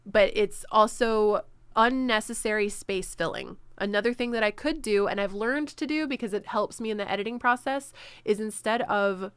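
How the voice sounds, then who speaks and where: A woman's voice: mid-range voice, normal speed, a bit bright, clear, resonant tone, no room sound. A woman streamer answering viewer questions in a casual live Q&A, full of ums and self-corrections. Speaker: streamer hosting a Q&A.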